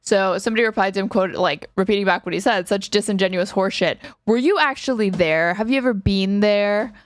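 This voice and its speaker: A woman streaming live, commenting on news clips in a sarcastic, profane, offhand way. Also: medium pitch. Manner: sarcastic, profane, quick asides.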